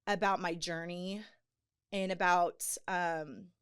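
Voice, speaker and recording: A woman sharing a personal faith testimony on a podcast, earnest and animated, with many fillers. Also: on the low side, takes it slowly, clean tone. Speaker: podcast guest. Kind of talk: personal testimony in casual chat.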